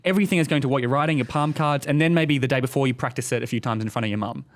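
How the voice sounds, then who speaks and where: A man's voice: mid-range voice, very fast. A man co-hosting a podcast, chatty and sarcastic, often restarting his sentences. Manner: sarcastic, chatty, self-interrupting. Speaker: podcast co-host. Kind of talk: casual podcast discussion.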